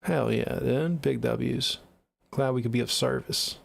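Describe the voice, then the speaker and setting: A man's voice: mid-range voice, unhurried, gravelly. A young man with a Seattle accent chatting casually on a livestream, reading viewer comments in a laid-back, joking, profane way. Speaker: livestreaming music producer.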